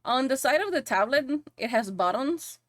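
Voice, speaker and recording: A woman's voice: sits high, expressive, moderate pace, dry recording, clean studio sound. A woman with a Spanish accent chatting casually on a live stream while she works, giggly and swearing playfully. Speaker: VTuber streamer and model rigger.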